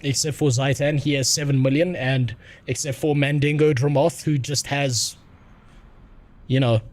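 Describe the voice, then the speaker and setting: A man's voice: medium pitch, steady tone, normal speed, a little mellow. A man doing crude, joking casual gameplay commentary as a streamer.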